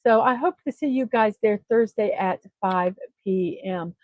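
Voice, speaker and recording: A woman's voice: medium pitch, unhurried, no echo, narrow, tinny audio. A woman hosting her own morning livestream, chatting in a friendly way with many ums and uhs. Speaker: livestream host. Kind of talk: casual livestream chat.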